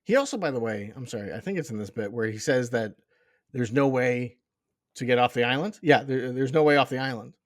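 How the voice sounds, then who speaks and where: A man's voice: medium pitch, a little fast, no room sound, studio quality. A man co-hosting a casual comic book podcast, talking in incredulous, rambling asides. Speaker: podcast co-host.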